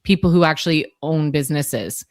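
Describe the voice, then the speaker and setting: A woman's voice: low voice, brisk, no room sound, studio quality. A woman in her forties, a guest author, talking candidly and with energy in a casual interview. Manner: candid, animated, a little salty.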